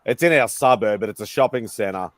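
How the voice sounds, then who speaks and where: A man's voice: fairly low pitch, a little fast, dry recording. A man with an Australian accent hosting a casual livestream chat, rambling and restarting his sentences. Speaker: livestream host. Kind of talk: casual chat on a video call.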